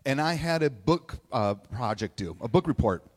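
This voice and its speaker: A man telling a personal story in a sermon, chatty and animated, acting out quotes in playful voices. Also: medium pitch, normal speed. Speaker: speaker giving a message to a congregation. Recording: long hall reverb.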